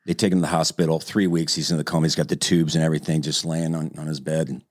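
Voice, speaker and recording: A man's voice: extremely low pitch, level tone, quick pace, no room sound, studio quality. A man telling a long joke in casual conversation, rambling a little and acting out the characters. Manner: rambling storytelling with restarts and acted-out voices. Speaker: joke teller in casual group chat. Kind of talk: casual chat, telling jokes.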